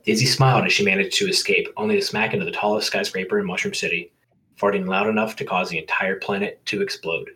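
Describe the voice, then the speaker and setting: Casual male reader, bright and lowish, reading a comedic story with asides. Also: steady tone, quick pace, low-quality recording. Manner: reads aloud, breaks off to joke and laugh. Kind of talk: casual comedic read-aloud.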